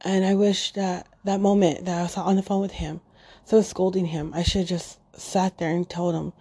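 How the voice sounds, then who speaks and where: A middle-aged woman speaks in a husky, mellow voice, halting and restarting as she talks off the cuff. She sounds choked up and close to tears. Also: lowish voice, steady tone. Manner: halting, emotional, many fillers and restarts. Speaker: podcast host. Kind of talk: unscripted personal monologue.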